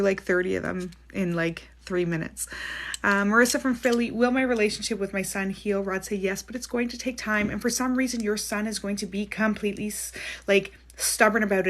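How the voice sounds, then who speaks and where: A woman's voice: mid-range voice, fairly bright tone. A woman working as a psychic medium in a casual live stream, reading viewers' questions aloud and answering each one. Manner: chatty, quick to laugh, frequent "like".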